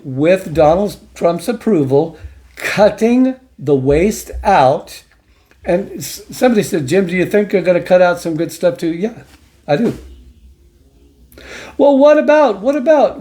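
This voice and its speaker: A middle-aged male host delivers his commentary with a preacher's insistence, leaning on repetition to drive points home. His voice is mellow and dark in tone yet rides slightly high in pitch. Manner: emphatic, preachy, repeats for stress. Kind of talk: opinion commentary show.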